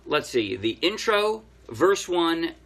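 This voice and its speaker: A man's voice: a little high, very animated, slow pace, fairly bright tone. A man giving a casual ukulele lesson, explaining step by step while he plays. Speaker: ukulele teacher. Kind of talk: casual music tutorial explanation. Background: ukulele playing.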